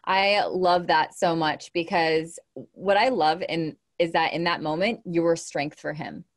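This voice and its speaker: Enthusiastic lower-voiced woman host. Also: steady tone, unhurried. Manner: enthusiastic, affirming, rambling questions. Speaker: podcast host. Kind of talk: interview conversation.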